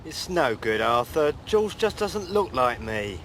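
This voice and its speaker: A man's voice: fairly high pitch, big pitch swings, measured pace, heavy background noise. A man presenting a comic documentary with a dry, bumbling manner. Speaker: comedy presenter.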